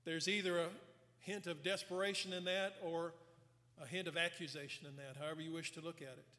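A man preaching a sermon, earnestly retelling scripture and dropping his voice soft for emphasis. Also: fairly high pitch, little pitch movement, a little fast. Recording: long hall reverb.

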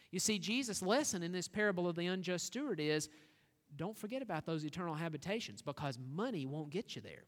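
A high-pitched man preaches, pressing his listeners with earnest rhetorical questions. His voice rings out with a long reverb that fills the church hall. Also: fairly bright tone. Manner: earnest, rhetorical questions, rising to emphatic reading. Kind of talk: sermon.

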